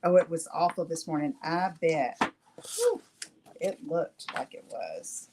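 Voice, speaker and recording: Speaking slowly in a deep voice, this middle-aged craft tutorial host leads a live demonstration, talking with viewers and checking "okay?" once each step is done. Background noise is audible.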